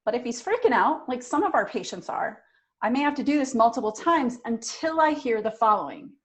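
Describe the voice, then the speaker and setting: A middle-aged woman giving a training talk to front office staff, direct and energetic in her coaching. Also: on the high side, brisk.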